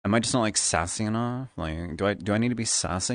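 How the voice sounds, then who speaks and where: A man's voice: fairly low pitch, a little fast, hardly any pauses, no room sound, clean studio sound. A man streaming casually, a bit tipsy from drinking, flamboyant, with a Valley Girl lilt. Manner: flamboyant, animated.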